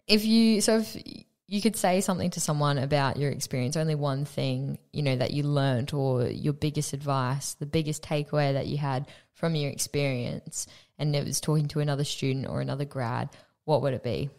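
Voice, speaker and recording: A woman's voice: low-pitched, steady tone, fairly quick, darkish tone. A young Australian woman hosting a podcast, chatting reflectively with many "you know" fillers. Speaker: podcast host. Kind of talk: casual interview chat.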